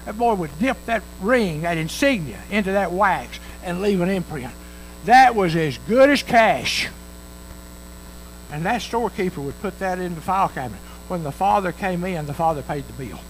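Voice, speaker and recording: A man's voice: high-pitched, a little hiss or hum, poor audio. A male pastor preaching a sermon in a folksy way, acting out the voices of the parable as he tells it.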